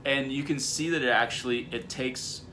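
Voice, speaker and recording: A man's voice: medium pitch, steady tone, normal speed, bright, forceful tone, slight background noise. A man co-hosting a parenting video at home, explaining communication scenarios step by step in a casual teaching chat.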